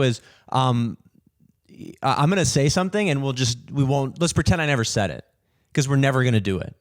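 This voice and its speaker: A young man hosting a podcast, telling a story in an animated, swearing rant and mimicking people in higher voices. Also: a little fast, no echo, studio quality. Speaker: podcast host, comedian.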